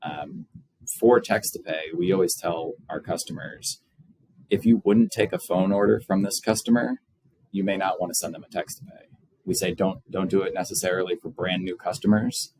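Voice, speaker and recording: A man's voice: low-pitched, expressive, moderate pace, vocal fry, darkish tone, slight background noise, rough recording. A man, a business co-founder, explaining things plainly as a guest in an interview. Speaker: guest, payments company co-founder.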